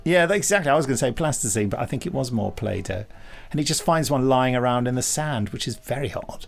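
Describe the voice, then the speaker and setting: A man's voice: medium pitch, lively intonation, fast, gravelly. A man co-hosting a podcast, chatting in a wry, digressive way. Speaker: podcast co-host. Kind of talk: casual podcast commentary chat.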